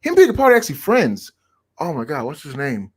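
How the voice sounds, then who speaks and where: A man with a fairly high-pitched voice co-hosts a relaxed online chat. He rambles in an animated way, often restarting his sentences as his thoughts catch up. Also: fast, husky. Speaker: podcast co-host. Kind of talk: casual live-stream chat.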